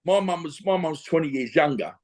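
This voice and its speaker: A man's voice: on the high side, lively intonation, fast talker, a little mellow. An older man, a former boxer telling a blunt, emotional story on a video call, restarting his sentences often. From England. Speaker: interview guest, former boxer.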